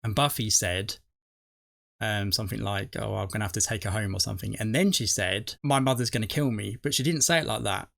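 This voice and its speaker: Rambling man with a gravelly voice. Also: fairly low pitch, brisk, a bit bright. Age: middle-aged. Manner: rambling, self-correcting, chuckles at himself. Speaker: reaction video host. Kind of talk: casual rambling commentary.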